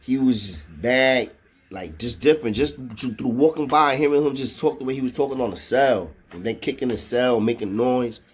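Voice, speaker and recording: A man's voice: medium pitch, normal speed, slightly rough. A man tells a story in a casual, slangy and profane way. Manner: slangy and profane, with frequent "know what I mean".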